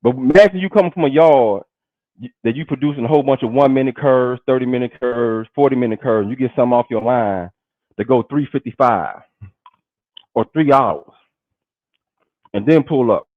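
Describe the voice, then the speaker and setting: A man's voice: mid-range voice, moderate pace, long pauses, dry recording. A man in a casual streamed talk, pressing the others and repeating the same question. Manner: insistent, keeps repeating his question. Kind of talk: casual banter. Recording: dull lo-fi stream audio.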